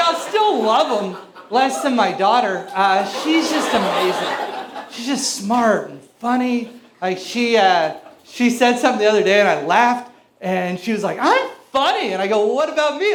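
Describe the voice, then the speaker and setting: Self-mocking comedian in an echoey club. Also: male voice, high voice. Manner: conversational, self-mocking storyteller. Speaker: stand-up comedian. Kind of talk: stand-up comedy set. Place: club stage before a live audience. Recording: echoey venue with audience noise.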